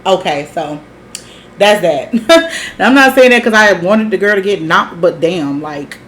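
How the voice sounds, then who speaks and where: A woman's voice: lowish voice, expressive, a little slow, fairly bright tone. A woman recapping a reality TV episode in a sassy, gossipy, profane way, with laughs and side comments. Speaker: reality show recap host.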